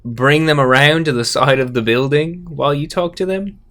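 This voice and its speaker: A man's voice: a little high, fairly bright tone. A man playing a tabletop game, asking questions and starting over often. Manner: questioning, halting. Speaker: player. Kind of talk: casual tabletop game play.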